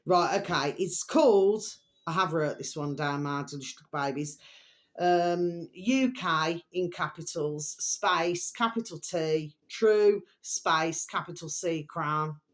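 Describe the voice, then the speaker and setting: A woman's voice: low voice, takes it slowly. A woman ranting to her viewers in a vlog, swearing heavily and rambling with constant fillers. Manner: swears heavily, keeps calling viewers her delicious little babies; rambling, filler-laden, repeats "okay" and "there we are". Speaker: video blogger.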